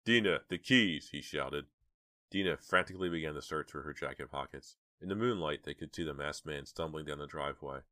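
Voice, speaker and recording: Very deep-voiced man reading a thriller. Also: a little fast, pushed and bright, no echo, clean studio sound. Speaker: audiobook narrator. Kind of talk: audiobook reading.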